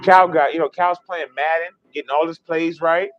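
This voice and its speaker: A man hosting a casual livestream, chatting fast and rambling, swearing freely as he reads viewer comments. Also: a little high, steady tone, muffled recording. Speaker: livestream host.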